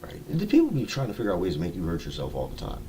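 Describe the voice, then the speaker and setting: A man improvising a rambling, profane story on a live stream, jumping between low mutters and loud outbursts. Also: wildly swooping pitch, rapid-fire, a little hiss or hum. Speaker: live streamer telling made-up stories. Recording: distant mic with music playing.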